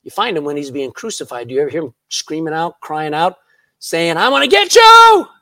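A man's voice: fairly high pitch, a little fast, fairly bright tone, no room sound. A man preaching a sermon in church, reading scripture aloud and laughing at his own jokes. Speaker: pastor.

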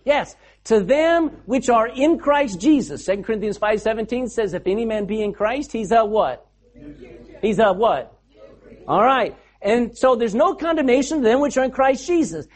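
Lively, animated preacher. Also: sits high. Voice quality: animated storyteller, asks the congregation rhetorical questions. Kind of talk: sermon.

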